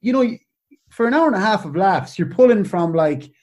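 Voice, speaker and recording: Irish male comic guest, relaxed chatty storyteller, slightly high voice. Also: normal speed. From Ireland. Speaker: podcast guest, comedian. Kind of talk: casual chat.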